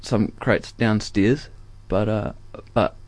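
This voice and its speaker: A young New Zealand man, a musician being interviewed, talking in a halting, hesitant way full of fillers and restarts. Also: lowish voice, fairly even intonation, a little mellow, no room sound. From Dunedin, New Zealand. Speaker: musician guest. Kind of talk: casual interview chat.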